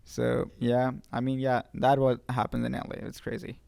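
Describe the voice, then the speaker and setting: Podcast cohost guy, monotone and a bit gravelly, dry close mic. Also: mid-range voice, no room sound. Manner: agreeable, halting, with restarts. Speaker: podcast co-host. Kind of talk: casual chat.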